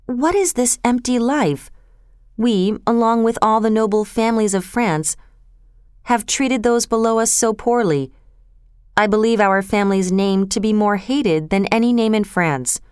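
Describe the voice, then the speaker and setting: A woman voicing an earnest, troubled young nobleman in a storybook reading, with a smooth, clear voice. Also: on the high side, a little slow, darkish tone, no echo, clean studio sound, natural voice. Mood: saddened. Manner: earnest, pleading.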